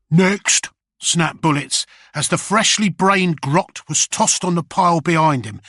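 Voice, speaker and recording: A man reading first-person audiobook narration in a rough, slangy voice as a nervous little goblin. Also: a little high, sharp tone, dry recording, studio quality.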